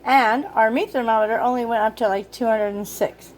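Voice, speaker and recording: Woman vlogging in her kitchen, kinda high voice, rambly and chatty, gets annoyed fast, a bit of noise in the room. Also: steady tone. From Utah. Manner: chatty, thinking aloud, easily exasperated. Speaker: cooking vlogger. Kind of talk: casual cooking vlog. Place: home kitchen.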